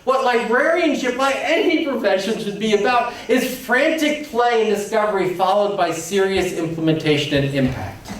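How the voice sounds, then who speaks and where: A man delivers an animated conference talk with a playful, emphatic edge, slipping into quoted voices as he goes. His voice rides high. It reaches the listener from a distance, washed in heavy hall echo. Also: normal speed, hardly any pauses. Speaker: conference keynote speaker. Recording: echoey hall, distant mic.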